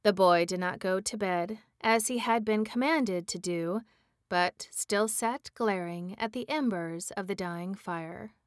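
A woman reading a chapter book aloud as a bedtime story, in a gentle read-aloud manner. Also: mid-range voice, a little slow, no room sound, clean studio sound.

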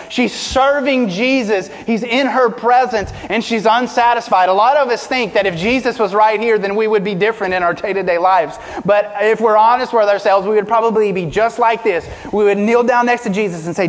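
A man preaching a sermon as pastor, asking the congregation rhetorical questions, rising and dropping from loud to quiet. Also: moderate pace, hardly any pauses, long reverb tail. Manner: preaching with rhetorical questions, pitch and volume swinging widely.

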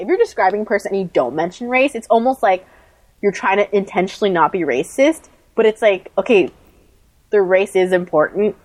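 A woman's voice: mid-range voice, darkish tone, no room sound, rough recording. Chatty woman, dry close sound. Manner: chatty, many fillers, quick laughs. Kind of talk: casual chat.

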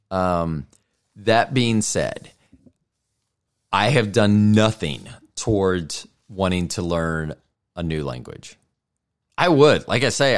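A middle-aged man hosting a casual solo podcast, rambling and self-deprecating as he thinks out loud. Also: on the low side. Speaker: podcast host.

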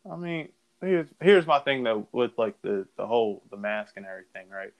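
A man's voice: on the low side, normal speed, lo-fi sound. A man co-hosting a casual talk recording, talking loosely with slang and laughing often. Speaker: podcast co-host. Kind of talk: casual chat.

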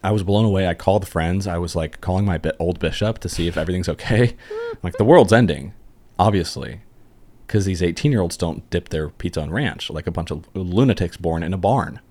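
A young man co-hosting a podcast, telling jokey, excitable stories in casual chat. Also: deep voice, brisk. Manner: animated storyteller, jokey and excitable. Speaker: podcast co-host.

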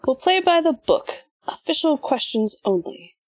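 A woman's voice: high-pitched, very animated, unhurried, no room sound, voice pushed up. A woman voicing an arrogant boy villain who demands answers and rants with scorn, in an audiobook. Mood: demanding.

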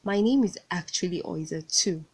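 A woman's voice: lowish voice, normal speed, slightly rough. A woman voicing a young woman at a job interview who answers sweetly while holding back irritation. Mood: polite, restrained.

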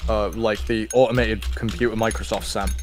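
This British streamer has a fairly low, steady voice and a brisk delivery. Laughing a lot, he casually reads a comic rant and messages from the chat.

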